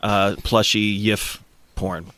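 Male comedy podcaster, slow read-aloud delivery, keeps cracking up. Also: fairly low pitch, fairly even intonation, bright, forceful tone, no room sound. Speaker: podcast co-host reading forum posts aloud. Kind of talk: comedic reading with frequent laughter.

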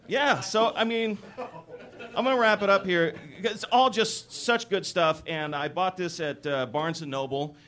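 A man hosts a live comedy podcast and reads from a book, working through long word lists in a deadpan way. He stumbles often and fills the gaps with uhs. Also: fairly high pitch. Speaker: live podcast show presenter. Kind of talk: comic reading from a book to a live audience. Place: stage at a live show.

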